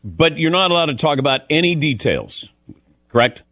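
A man's voice: fairly high pitch, very animated, normal speed, fairly bright tone. A male interview host asking short, probing questions in a casual chat.

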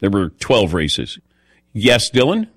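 A man's voice: lowish voice, huge pitch swings, slow pace, slightly rough, no room sound. A man hosting a radio show, telling stories in a chatty way and calling on his co-hosts by name. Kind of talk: casual radio show chat.

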